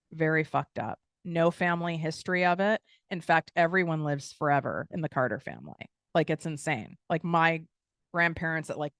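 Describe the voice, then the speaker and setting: A woman's voice: low-pitched, fairly bright tone, clean tone, dry recording, clean studio sound. Blunt, swearing American woman coach. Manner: blunt, swears freely, goes off on tangents. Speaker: podcast host and business coach. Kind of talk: casual motivational monologue.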